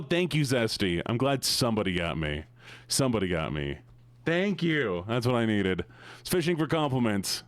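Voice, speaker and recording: A man's voice: on the low side, sing-song, moderate pace. A man live-streaming a game, chatting casually and joking with a self-deprecating humor.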